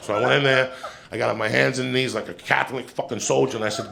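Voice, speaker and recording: A man telling a long stand-up story, swearing constantly and rambling in an animated way, recorded at a live comedy show. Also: mid-range voice, fast, gravelly. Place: comedy club stage. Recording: live show with crowd laughing. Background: audience laughter.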